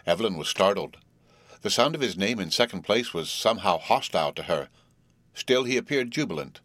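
A man reading a story aloud in a steady, measured narration. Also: low-pitched, no echo. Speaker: audiobook narrator. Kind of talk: scripted narration.

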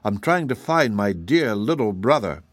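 A man voicing a gentle, unflustered shaggy wandering man with a kindly, solemn manner in an audiobook. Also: lowish voice, big pitch swings, normal speed, dry recording, studio quality. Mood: sad. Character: calm, cheerful, whimsical shaggy wanderer man. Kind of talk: audiobook character voice.

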